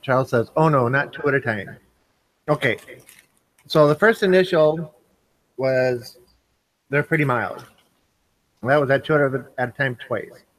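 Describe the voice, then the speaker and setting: A man's voice: medium pitch, a little slow, pauses often, a bit bright, no echo, rough recording. Man, live stream host, casual chat, taste test, dry sound. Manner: eats candy on camera, apologizes for chewing.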